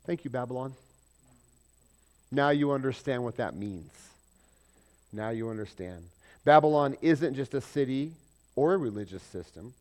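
Pastor, male, mid-pitched voice, preaching with lively swings between loud and soft, quizzes the congregation. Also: normal speed, long pauses. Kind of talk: sermon.

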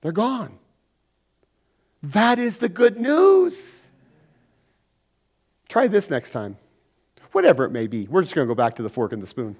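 Preaching in a conversational style, a pastor shifts from loud emphasis to quiet asides and mimics everyday squabbles in quick pretend voices. His voice is medium-pitched, with wildly swooping pitch and a breathy edge.

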